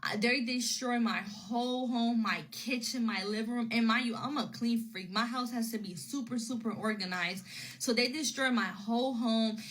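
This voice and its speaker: A woman's voice: a little high, normal speed, fairly bright tone, rough recording. A woman casually telling a personal story to her phone camera, rambling and repeating herself as she retells what people said.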